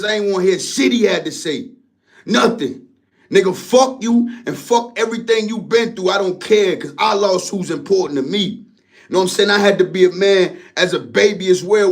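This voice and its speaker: A man's voice: sits high, normal speed. A young man venting his grief to camera in a raw, profane monologue that keeps circling back on itself. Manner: profane, repetitive, keeps asking "you know what I'm saying". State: grieving, distraught.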